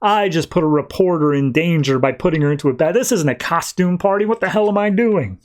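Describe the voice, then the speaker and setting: A man's voice: on the high side, lively intonation, a little fast, darkish tone, pitched above the performer's own voice, lightly acted. A man voicing an awkward, rattled male superhero in a loose, casual tone. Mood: flustered. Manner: casual, rattled, self-deprecating.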